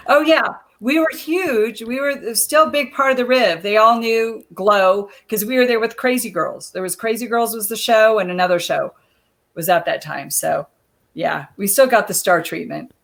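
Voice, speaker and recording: A woman's voice: mid-range voice, moderate pace, gravelly, a bit bright. Woman guest on a video call, chatty storyteller, laughs a lot. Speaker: guest, former wrestler. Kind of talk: casual interview chat.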